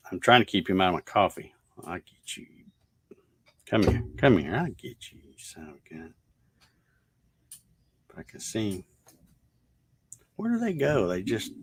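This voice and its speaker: A man's voice: medium pitch, a bit bright, no room sound, studio quality. A man, casually telling a long story over his morning coffee, rambling with lots of fillers and restarts. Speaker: host.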